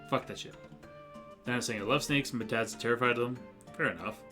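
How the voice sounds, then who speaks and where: A man's voice: mid-range voice, fairly quick. Chatty male streamer over game music. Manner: chatty, laughs often, swears casually. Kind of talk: casual live-stream chat.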